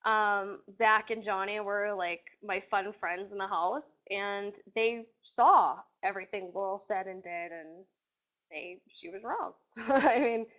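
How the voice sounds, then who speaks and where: A woman answering interview questions casually, chatty and animated, with acted-out quotes. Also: mid-range voice, slow. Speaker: reality TV contestant being interviewed. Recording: dull lo-fi sound.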